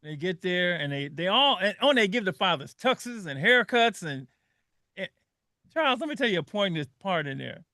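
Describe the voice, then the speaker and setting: Older man, bright high earnest voice. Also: sing-song, normal speed, no room sound, studio quality. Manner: emotional, earnest storytelling with frequent restarts. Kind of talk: conversational radio talk.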